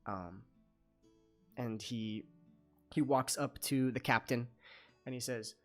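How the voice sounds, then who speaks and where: A man's voice: mid-range voice, slow, long pauses, soft background music. A man narrating a tabletop game as dungeon master, loose and full of fillers.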